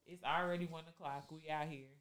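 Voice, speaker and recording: A woman telling a story in casual group chat, animated, dropping low for quoted asides and bursting out loud and laughing. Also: a little fast, crowd noise.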